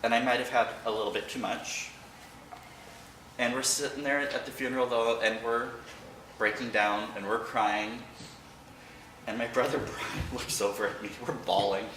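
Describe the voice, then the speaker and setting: A man giving an emotional personal remembrance of his late father to a church congregation, halting at times but with wry humor. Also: medium pitch, steady tone, sharp tone, distant mic, slight background noise. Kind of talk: personal storytelling speech. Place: large church hall. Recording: echoey hall, picked up from afar.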